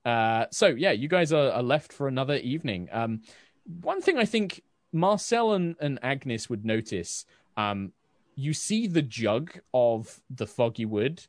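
A man's voice: mid-range voice, big pitch swings, measured pace, no echo. A British man running a tabletop game as game master. He rambles easily with fillers and laughs. The recording is dry and close. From Britain.

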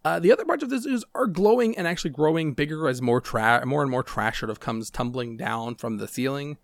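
Gravelly man running a tabletop game. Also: mid-range voice, brisk, no room sound, studio quality. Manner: rambling, filler-heavy, relaxed. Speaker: game master.

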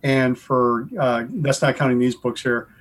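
Relaxed chatty man from Wisconsin. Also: mid-range voice, a little slow, rough recording. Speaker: guest author. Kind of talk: casual interview.

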